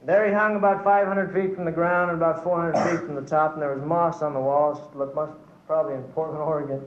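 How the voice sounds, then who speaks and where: Earnest preacher in an echoing hall. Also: male voice, a little high. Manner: earnest, testifying, addresses brothers and sisters. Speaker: church speaker. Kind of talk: sermon with storytelling. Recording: echoey hall, dull lo-fi recording.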